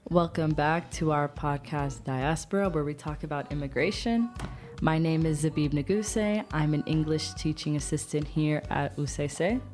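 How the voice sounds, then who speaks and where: Woman, podcast co-host, low relaxed voice, faint music behind. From United States. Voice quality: relaxed, laughs easily, drawn-out phrasing. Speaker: podcast co-host, English teaching assistant. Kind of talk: casual podcast chat.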